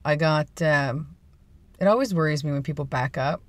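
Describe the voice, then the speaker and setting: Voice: mid-range voice, moderate pace, no echo. A vlogger chatting casually and playfully from inside a parked car, rambling and laughing at their own jokes. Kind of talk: casual chat.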